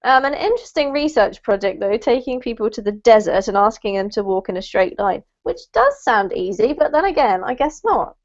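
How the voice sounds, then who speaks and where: A woman's voice: fairly high pitch, expressive, a little fast, hardly any pauses, highs cut off. A woman teaching English pronunciation in an online class, praising students and correcting their word stress.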